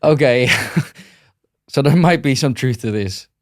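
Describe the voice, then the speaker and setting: A man's voice: medium pitch, unhurried, no room sound, clean studio sound. A man talking as a podcast guest, in a loose, rambling way with frequent restarts and repeated words. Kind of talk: casual interview conversation.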